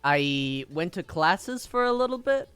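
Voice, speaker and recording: Man, casual art stream chatter, giggly, hums tunes, smooth voice, slow easygoing pace. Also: high-pitched, sing-song, fairly bright tone, dry recording. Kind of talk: casual chat while drawing. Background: faint background music.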